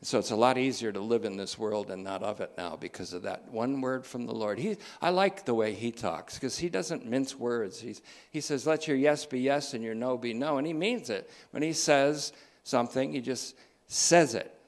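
This man preaches emphatically at a medium pitch, hammering on key phrases by repeating them. His pace shifts as he goes, slowing down and then speeding up.

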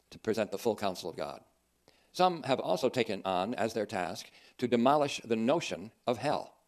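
A man preaching a sermon in an earnest, emphatic way, with dry asides. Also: on the low side.

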